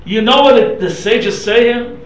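A man's voice: very high voice, measured pace. A middle-aged man, a rabbi teaching a Torah class, talking emphatically and telling stories. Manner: emphatic, storytelling, mixing Hebrew and Yiddish terms. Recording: echoey room from far off.

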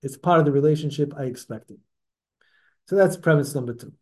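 Mellow-voiced man teaching a Torah class. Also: fairly high pitch, fairly quick. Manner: conversational, self-correcting, asks listeners questions. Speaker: religious teacher.

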